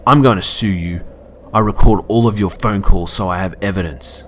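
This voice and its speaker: A man's voice: low voice, fairly even intonation, moderate pace, a little hiss or hum, natural voice. A man doing a pushy, threatening angry man. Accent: Australian. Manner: forceful, threatening. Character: angry, pushy grown man demanding money.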